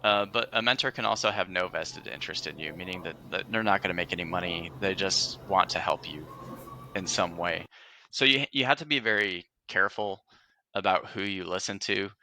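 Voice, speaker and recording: A man's voice: sits low, brisk, bright, forceful tone, a little hiss or hum. A man talking about his career as a podcast guest, earnest and reflective, with frequent fillers and restarts. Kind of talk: casual interview conversation.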